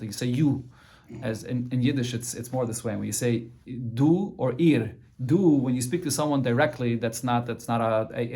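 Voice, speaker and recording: A man's voice: medium pitch, darkish tone. A man teaching a daily Talmud class, translating phrase by phrase and often restarting mid-sentence.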